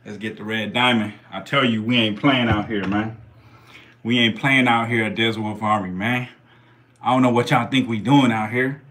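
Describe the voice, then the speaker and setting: A man's voice: fairly low pitch, steady tone, normal speed, fairly bright tone. A man hosting a live stream, giving casual commentary in slangy, profane, hyped-up banter.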